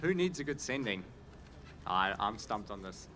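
A man's voice: on the low side, big pitch swings, normal speed, bright, forceful tone. A man with a New Zealand accent, a guest driver bantering and teasing on stage. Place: outdoor live show at a racetrack.

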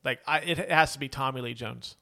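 A man's voice: medium pitch, brisk, creaky, bright, forceful tone. A man co-hosting a casual movie podcast, rambling with many fillers and laughs. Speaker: podcast co-host. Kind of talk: casual movie review chat.

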